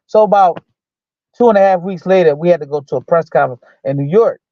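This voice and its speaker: A man with a higher voice tells a long story from his fighting days, acting out each person's lines. His speech is loose, full of fillers and restarts. The sound is dull and lo-fi, and very dry. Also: normal speed, long pauses, no room sound. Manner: animated retelling that acts out quoted dialogue. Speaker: guest, former boxer. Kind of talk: casual storytelling.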